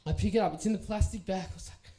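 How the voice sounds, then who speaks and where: A young Australian man giving a casual talk to a youth group, telling a story in a lively, playful way and acting out the people in it. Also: high-pitched, rapid-fire. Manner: animated, playful, acts out the people in his story. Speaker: youth speaker.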